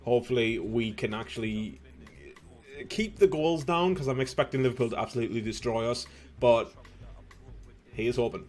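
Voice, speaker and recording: A young man commentating his own football video game, slightly hoarse, bursting into shouts and laughter at goals. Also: medium pitch, moderate pace, long pauses, soft background music. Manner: excitable, shouts at goals, casual swearing. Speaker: gaming youtuber.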